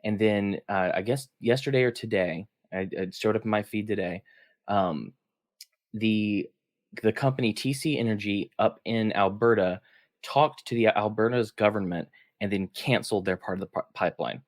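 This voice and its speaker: In a studio-quality recording with no room sound, a man with a fairly low voice speaks at a normal speed. He co-hosts a political podcast, keeping things upbeat and casual, reading out headlines and laughing a lot.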